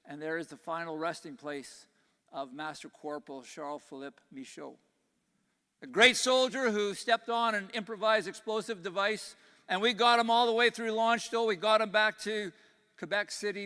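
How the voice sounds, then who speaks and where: An older man, Canadian with a slight Texas twang, gives an earnest, folksy keynote, dropping low and quiet on grave points. His voice is high for a man and bright, with a smooth, clear tone. Long reverb from the large conference hall trails each phrase. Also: normal speed. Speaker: conference speaker. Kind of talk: keynote speech. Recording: echoey hall.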